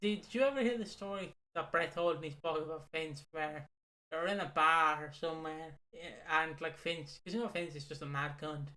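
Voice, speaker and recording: With a slightly high, pushed and bright voice at an ordinary pace, a male co-host chats casually about wrestling. He recaps in a meandering way, cursing freely and cracking himself up over his own tales.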